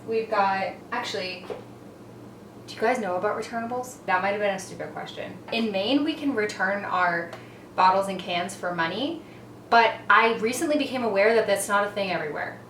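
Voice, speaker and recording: A woman talks casually to her camera in her own kitchen, rambling along and often letting her voice drop soft and quiet. The room rings with echo, and she sounds a few steps from the mic, with a faint hum of room noise behind her. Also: mid-range voice. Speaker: cleaning vlogger. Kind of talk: casual chatty vlog narration. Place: her home kitchen, indoors. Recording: echoey kitchen, mic at a distance.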